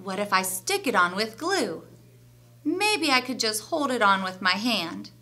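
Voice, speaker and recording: A woman's voice: mid-range voice, big pitch swings, measured pace, sharp tone. Woman voicing a proud young elephant-headed god. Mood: puzzled.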